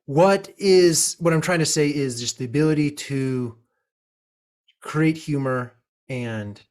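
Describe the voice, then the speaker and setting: A man's voice: fairly high pitch, slow, darkish tone, smooth. A man hosting a casual interview, rambling with restarts and digressions. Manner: rambling, restarts, drifts off topic. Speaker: podcast host.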